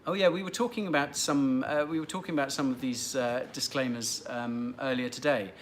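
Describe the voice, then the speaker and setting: Here a livestream host speaks a little fast in a medium pitch with fairly even intonation, over a faint hiss or hum. He rambles through viewer questions, restarting often and dropping fillers, while gently poking fun at the regulars.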